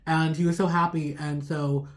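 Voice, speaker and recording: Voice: medium pitch, level tone, moderate pace. Chatty storyteller full of fillers. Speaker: tarot reader. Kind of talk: casual storytelling.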